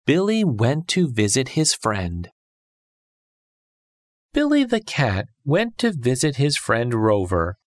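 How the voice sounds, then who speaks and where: A man narrating a simple children's story for language learners, taking his time over every word. His pitch rises and falls in a lively, sing-song way, and the sound is dry and close. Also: no room sound. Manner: slow, clear, storybook reading. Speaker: textbook audio narrator. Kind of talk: scripted story reading for English learners.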